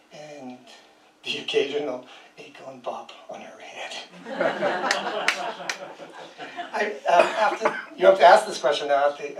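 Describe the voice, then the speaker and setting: A guest poet in his sixties reads his own poems indoors at a small historic house, adding dry, chuckling asides between them. His voice is medium-pitched over a noisy background, recorded by a distant mic with a roomy sound.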